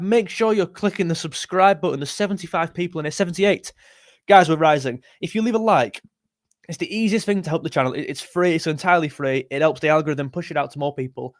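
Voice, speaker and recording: Casual male streamer, a touch high-pitched, dry close mic, chats loosely through comments. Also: dry recording. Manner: chatty, rambling, self-correcting. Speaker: football livestream host. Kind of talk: live stream chat reading comments.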